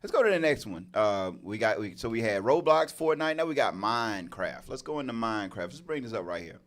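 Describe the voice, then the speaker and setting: Middle-aged male co-host, lively animated storyteller, casual discussion. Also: on the low side, a little fast. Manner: animated storytelling, acts out yelling. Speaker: show co-host.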